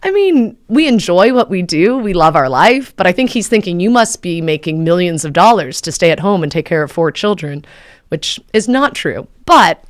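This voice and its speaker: A woman in her thirties, a podcast host, telling a story in a casual, chatty way and acting out the people she quotes. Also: moderate pace. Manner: chatty, animated, acts out quoted dialogue with pitch jumps.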